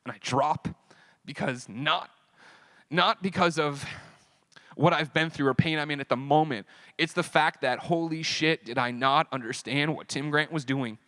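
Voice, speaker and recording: A man with a fairly high voice tells a personal story from a convention stage. He is animated and swears freely, slipping into the voices of the people in his story. The sound is dry and close. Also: normal speed, no echo. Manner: animated, profane, acts out quoted dialogue. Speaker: convention panel speaker.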